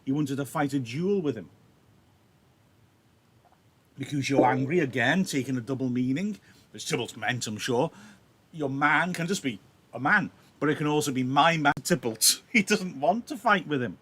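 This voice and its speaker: Talking through his laptop on a livestream, a chatty male teacher apologizes for a somewhat sore throat as he reads and analyzes a play. He's mid-range, animated, a bit bright and husky, at a moderate pace.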